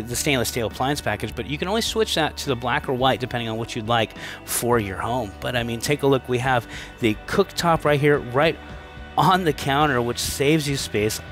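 Speaking in a mid-range, somewhat bright voice, a man hosts a relaxed walkthrough inside a manufactured home at a show. His manner is cheerful and chatty, with the odd stumble into a restart.

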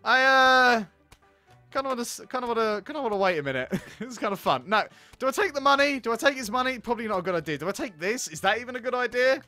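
Bright-voiced young man rambling over gameplay. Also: very high voice, lively intonation, fast, no room sound, soft background music. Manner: rambling, hesitant, self-talking. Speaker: gaming YouTuber. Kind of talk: let's play commentary.

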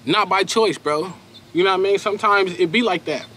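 Young male vlogger, high and bright, emphatic slangy snack-review delivery. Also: brisk, a little hiss or hum. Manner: slangy, emphatic, repeats himself. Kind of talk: casual unboxing review.

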